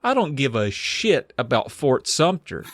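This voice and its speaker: A man's voice: medium pitch, big pitch swings, a little slow. A man voicing a blunt, foul-mouthed teenage girl who talks in slang. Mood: brash.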